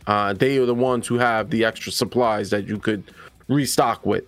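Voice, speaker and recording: A man's voice: fairly low pitch, steady tone, moderate pace, no echo, faint music behind, natural voice. A man as a rambling wasteland guide. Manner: rambling, reassuring. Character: hard-drinking wasteland townsman, friendly guide.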